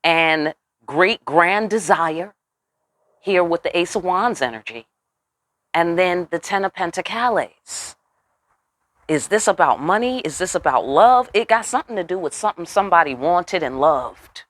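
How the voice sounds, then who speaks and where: A woman giving a casual tarot reading, animated and profane with chatty asides. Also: fairly low pitch, measured pace. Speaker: tarot reader.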